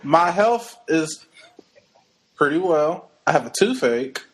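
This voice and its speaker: A laid-back man with a high-pitched voice who laughs easily. He co-hosts a casual podcast. His talk is loose and relaxed. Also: slow pace, husky, rough recording. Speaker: podcast co-host.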